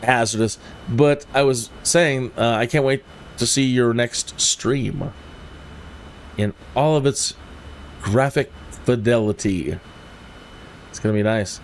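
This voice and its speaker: A man in mid pitch chats loosely with his stream audience, wandering from thought to thought in a relaxed, conversational way. A faint air-conditioner hum sits under his voice. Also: slow, pauses often. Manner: rambling, chatty, addresses viewers directly. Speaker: flight sim streamer. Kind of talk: casual livestream chat.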